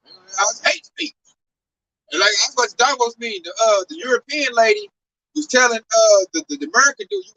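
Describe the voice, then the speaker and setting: A man preaching on a downtown street in an animated, slangy, exclamatory way. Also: very high voice, distant mic, slight background noise, rough recording.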